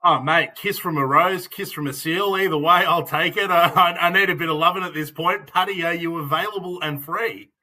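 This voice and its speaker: Chatty Australian man, bright voice. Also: a little high, brisk, few pauses, rough recording. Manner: chatty, laughs often, lots of fillers like "look" and "mate". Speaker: podcast co-host. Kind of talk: casual sports chat.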